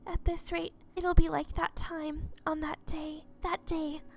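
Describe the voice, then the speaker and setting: A woman reading a frightened, earnest young game heroine in a high, breathless, anxious way. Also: flat delivery, unhurried, creaky, darkish tone.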